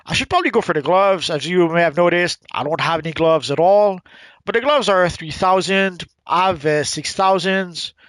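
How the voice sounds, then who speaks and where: A man talks through a video game in a relaxed, chatty way, explaining the gear to new players. His voice sits slightly high. The sound is dry and close. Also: normal speed, no room sound. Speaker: gaming channel host. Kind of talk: casual gameplay commentary.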